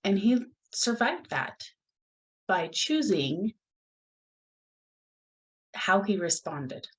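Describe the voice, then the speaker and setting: A woman hosting her own podcast, talking in an earnest, reflective way with pauses and restarts. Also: medium pitch, sing-song, poor audio. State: gets emotional at moments. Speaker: podcast host. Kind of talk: solo podcast talk.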